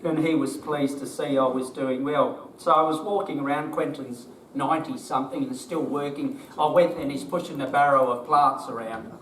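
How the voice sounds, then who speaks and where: A man's voice: medium pitch, fairly even intonation, normal speed, few pauses, fairly bright tone, a little hiss or hum. An older man with an Australian accent, a business owner telling a group his story in a plain-spoken, emotional way, with rhetorical questions. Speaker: business owner giving a talk. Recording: roomy, distant mic, faint background ambience.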